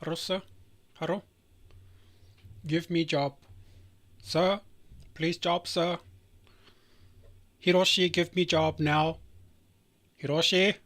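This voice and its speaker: A man's voice: fairly high pitch, slow pace, pauses often, a bit bright. A man voicing a desperate male job-seeker who begs over and over, calling everyone sir. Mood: begging. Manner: begging, repeating "sir".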